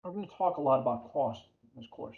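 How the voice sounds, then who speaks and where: A man's voice: medium pitch, lively intonation, fast. New York man lecturing on accounting. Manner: chatty, asks the class questions, repeats key terms. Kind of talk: classroom lecture. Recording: dull lo-fi lecture audio.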